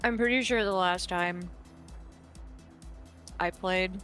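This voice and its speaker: A woman's voice: fairly low pitch, slow, a bit bright, soft background music. A woman chatting and laughing with friends on a voice call, playful and with casual swearing. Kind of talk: casual chat while drawing.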